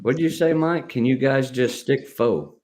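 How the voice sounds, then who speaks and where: A man hosting a casual live stream, joking around, rambling and reading viewer comments out loud. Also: medium pitch, moderate pace.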